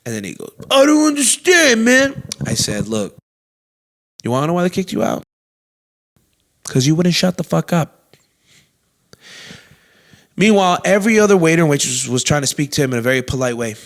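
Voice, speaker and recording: A young adult man and comedy show host, telling a story in a loud, animated way with constant swearing and acted-out quotes. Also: fairly high pitch, brisk, pauses often.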